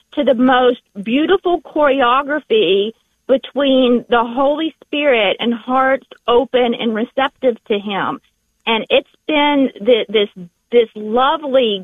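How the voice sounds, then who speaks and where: A woman with a Southern accent calling in to a radio show, speaking earnestly and haltingly, often repeating herself. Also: fairly high pitch, no echo. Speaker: radio caller. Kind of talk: call-in radio chat. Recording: phone line.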